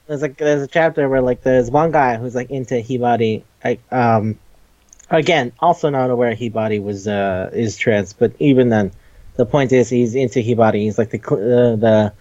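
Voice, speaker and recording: A man's voice: mid-range voice, darkish tone, no echo. Rambling, laughing man on a dull dry mic. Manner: rambling, laughs often, swears casually. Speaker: podcast host. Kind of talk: casual manga review chat.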